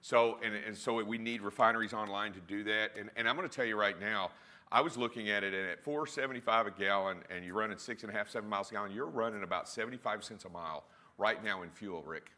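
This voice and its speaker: A man's voice: on the low side, fast, pushed and bright. A man co-hosting a live trucking broadcast and presenting the weather, speaking emphatically and often repeating words as he starts a sentence.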